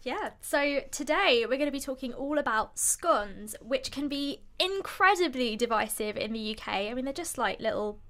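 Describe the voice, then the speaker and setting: A woman's voice: high-pitched, expressive, moderate pace, hardly any pauses, a bit bright. A British woman explaining a topic in casual radio chat, with a lot of fillers, in a studio. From United Kingdom. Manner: chatty, explains with many fillers. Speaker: studio guest presenter.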